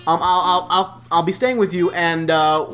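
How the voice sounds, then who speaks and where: A man's voice: high voice, steady tone, moderate pace, fairly bright tone, soft background music. A man voicing a fussy male general in quoted asides during a casual podcast chat, barely changing his own voice. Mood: offhand.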